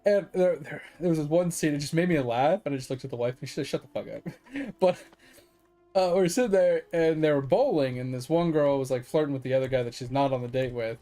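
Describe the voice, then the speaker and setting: Streamer type: a man with a slightly high voice, loose rambling storyteller with casual profanity. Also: fast talker, dark tone. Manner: rambling, chuckling storyteller who swears freely. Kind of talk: casual chat while gaming.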